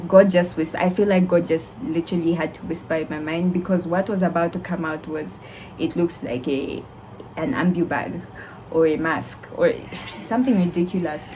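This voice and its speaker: A young woman, a doctor, telling a candid, animated story to her vlog viewers with frequent laughter. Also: on the low side, a little hiss or hum, poor audio. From Zambia.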